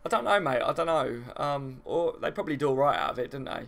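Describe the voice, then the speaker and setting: A man's voice: a little high, lively intonation, quick pace, vocal fry, fairly bright tone. A man from the south of England, chatting casually on a football live stream and answering viewer comments, rambling and full of fillers.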